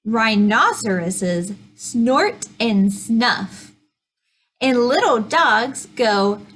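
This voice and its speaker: Slow, sing-song breathy storytime woman. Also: fairly high pitch, animated, fairly bright tone. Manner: slow, sing-song reading with animal noises. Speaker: children's librarian. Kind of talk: preschool storytime read-aloud.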